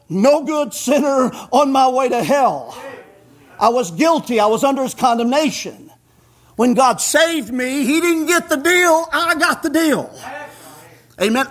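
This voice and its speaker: A man preaching a sermon in a folksy way, chuckling, dropping in "amen" and rising to shouts. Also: very high-pitched. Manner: punctuates with "amen".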